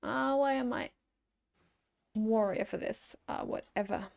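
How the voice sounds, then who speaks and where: Chatty woman streamer, fairly high voice. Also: a little slow, gravelly, darkish tone. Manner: chatty, reacts aloud, laughs at herself. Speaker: let's play streamer. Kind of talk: casual gameplay commentary.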